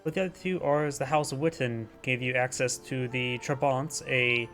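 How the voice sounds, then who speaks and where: A man's voice: mid-range voice, fairly even intonation, moderate pace, fairly bright tone, faint music behind. A man giving casual, chatty play-by-play commentary on a strategy game match. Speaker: game caster.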